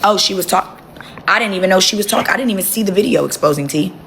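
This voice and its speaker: Lady on a phone livestream, low and gravelly, cussing and chatting to viewers, faint noise behind. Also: fast talker, fairly bright tone. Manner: blunt, profane, talks to her dogs between remarks. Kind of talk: casual live chat with viewers.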